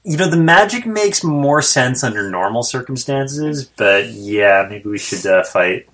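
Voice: medium pitch, lively intonation, measured pace, a bit bright. A player in a tabletop game, asking wry, sarcastic questions. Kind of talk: casual game-night banter.

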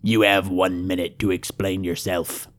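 A man voicing a scarred, greedy male hobgoblin priest in a hoarse, menacing voice, speaking in curt threats. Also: sits low, level tone, measured pace, voice pushed down. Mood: threatening.

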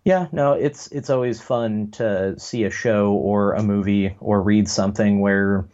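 Low-voiced, joking male podcast host. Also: fairly even intonation, a little slow, darkish tone. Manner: joking, rambling with fillers. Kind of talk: casual pop culture chat. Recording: dull lo-fi sound.

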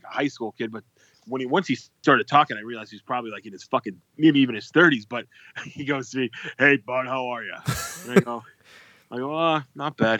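A man co-hosting a casual podcast, telling stories in a profane, animated way. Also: medium pitch, no room sound, highs cut off. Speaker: podcast co-host.

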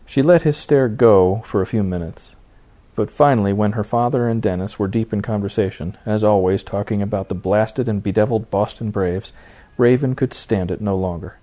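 A man reading a novel aloud as its narrator, in steady storytelling. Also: lowish voice, normal speed. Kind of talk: audiobook narration.

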